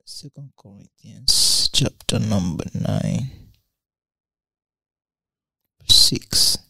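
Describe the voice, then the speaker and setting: A woman teaches from the Bible in an excited, exclamatory manner, stumbling over and repeating words as she explains each verse. Her pitch rises and falls freely. The recording is dry and close, with no room sound. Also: slow, gravelly, husky, no room sound.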